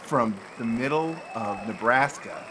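A man co-hosting a podcast, teasing his guest with quick jokes. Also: medium pitch, crowd noise, background noise. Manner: teasing, jokey. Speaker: podcast co-host. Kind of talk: casual chat.

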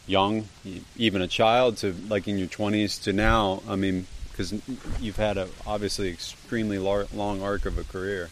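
A man's voice: on the low side, level tone, moderate pace. A man interviewing a musician who asks loose, conversational questions and agrees often.

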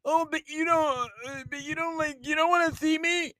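A high, pleading voice of a needy young girlfriend, whiny and clingy, dry close sound, as a man puts her on in a rant. it's a put-on mocking impression that rises to a squeaky pitch. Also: steady tone, normal speed, pushed and bright, no room sound, poor audio.

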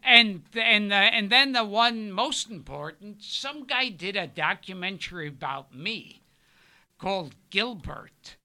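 An older man, a guest on a talk show, telling anecdotes in a halting way and often repeating his words. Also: high voice, lively intonation, pushed and bright. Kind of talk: casual storytelling chat.

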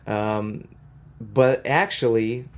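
A woman's voice: very deep voice, very slow. Russian-accented woman chatting about her dance work, lots of you know and um, speeds up in bursts. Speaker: professional dancer and choreographer. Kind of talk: casual interview talk.

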